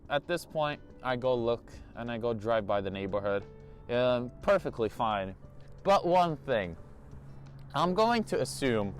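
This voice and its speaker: A teenage boy telling a story to his channel in a chatty, exasperated way. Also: medium pitch. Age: teens. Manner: animated, chatty, exasperated asides. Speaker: youtuber. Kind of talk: casual storytime vlog.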